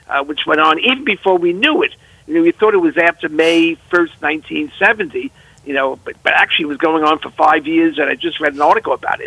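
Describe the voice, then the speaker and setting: A man's voice: on the high side, gravelly, bright, forceful tone, husky, no echo, poor audio. A man teaching at a university, answering interview questions in an earnest, explanatory way.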